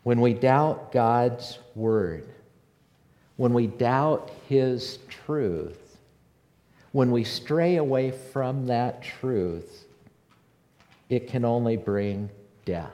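A male pastor preaches in a slow, unhurried cadence, leaning on repeated lines for emphasis. His voice rings out with a long reverb tail from a large hall. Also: medium pitch, dark tone. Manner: preaching with rising fervor, repeating phrases. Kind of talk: sermon.

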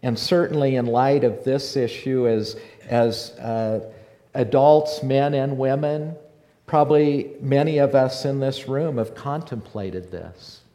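A man's voice: medium pitch, takes it slowly, warm tone. Fervent male preacher in a reverberant hall. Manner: preaching with rising fervor, repeating phrases. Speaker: pastor. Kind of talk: sermon.

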